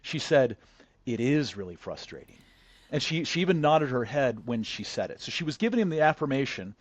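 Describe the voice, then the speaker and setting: A man's voice: fairly high pitch, expressive, a little fast, no room sound. A man as a podcast guest, a negotiator telling a story in a conversational way, often restarting and repeating words. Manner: frequent restarts and word repeats.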